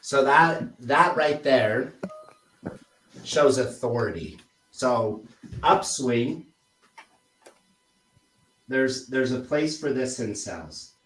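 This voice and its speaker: A man coaching a trainee on sales scripts in a relaxed, casual way. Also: medium pitch, extremely slow, pauses often, far from the mic. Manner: relaxed, demonstrates tone with example phrases. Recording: roomy echoey recording.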